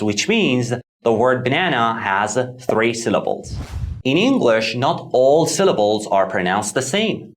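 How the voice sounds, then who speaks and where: A man teaching English pronunciation in scripted lesson narration, clear and deliberate as he models words. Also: medium pitch, a bit bright.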